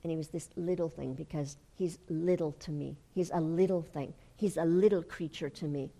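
Older woman preacher, fervent sermon delivery that builds to shouting. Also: deep voice, fairly even intonation, normal speed, vocal fry. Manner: fervent, rises to shouting when retelling. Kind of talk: sermon testimony.

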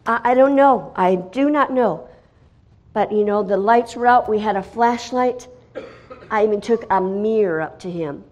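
A woman's voice: medium pitch, a little slow. Middle-aged woman telling a dramatic testimony. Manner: dramatic storytelling, swinging from hushed to loud and excited. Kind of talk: spoken testimony.

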